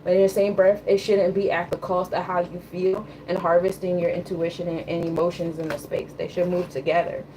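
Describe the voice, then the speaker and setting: A woman's voice: fairly low pitch, flat delivery, fairly quick, few pauses, dark tone, a little hiss or hum, low-quality recording. A woman giving a loose, conversational tarot and astrology reading. She often checks in with her listener. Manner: loose, conversational, repeats "you know what I'm saying". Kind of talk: casual live reading.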